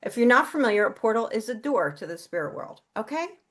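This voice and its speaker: A woman's voice: fairly high pitch, very animated, a little fast, fairly bright tone. A middle-aged woman, an interview guest, telling a personal story in a candid, casual way and swearing freely. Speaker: interview guest, psychic and healer.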